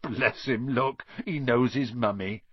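Guy doing a big soft-hearted gamekeeper, murmury and pleading, husky, dry lo-fi sound. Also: medium pitch, slow pace, no echo. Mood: doting. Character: huge gentle male gamekeeper, doting and soft-hearted. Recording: dull dry recording.

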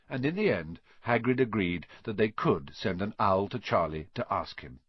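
A man's voice: fairly low pitch, animated, normal speed, few pauses, slightly rough, dry recording. A man reading a children's storybook aloud, narrating expressively and voicing each character. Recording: dull dry recording.

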